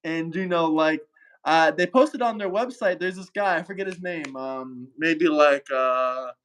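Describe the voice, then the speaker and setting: A man's voice: fairly high pitch, a little slow, fairly bright tone. A young man hosting a livestream, chatting casually about politics, rambling with many fillers. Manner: rambling, filler-heavy, searches for words. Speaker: travel streamer host.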